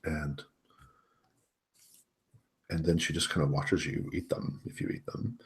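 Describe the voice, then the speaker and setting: A man's voice: rumbling low, fairly even intonation, unhurried. A man running a tabletop role-playing game as game master, narrating in a casual, rambling way and laughing often.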